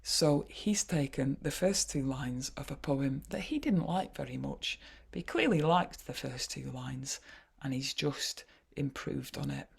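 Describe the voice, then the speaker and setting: A woman with a Yorkshire accent leading an online poetry workshop over a video call, chatty and wry, often pausing with "uh". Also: extremely low pitch, gravelly, husky. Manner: chatty, wry, frequent hesitations.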